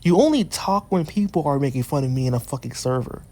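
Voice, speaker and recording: A man's voice: a little high, animated, fast, mellow. A man speaks straight to his viewers in an angry, aggrieved monologue. He stacks up rhetorical questions and says lines twice, stumbling over restarts when he gets worked up. Frequent swearing adds an edge to his frustration. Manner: restarts and repeats phrases while worked up. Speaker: YouTuber addressing his community. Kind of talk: heated monologue rant.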